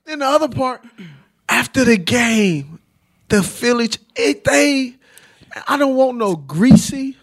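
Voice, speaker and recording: A man's voice: very high-pitched, animated, takes it slowly. A man hosting a casual chat, joking and using a lot of slang. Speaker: host.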